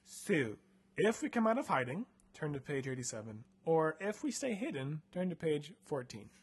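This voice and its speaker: Reading a choose-your-path book aloud as host of a comedy podcast, a young man retells the story in a playful, chatty way packed with fillers. His fairly high voice has a sing-song lilt and a breathy edge, moving at normal speed.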